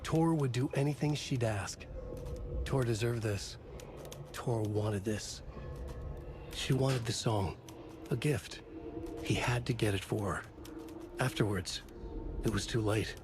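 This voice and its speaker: A man's voice: mid-range voice, slow, pauses often, music in the background, close to an everyday voice. A man narrating as a brooding, clipped noir game narrator. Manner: terse, clipped short sentences. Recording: game audio with clear ambient noise.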